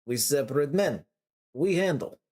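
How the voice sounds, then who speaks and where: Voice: medium pitch, animated, moderate pace, darkish tone, close to an everyday voice. A reader voicing a terse man who speaks in clipped, broken English. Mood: blunt. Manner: blunt, clipped short sentences.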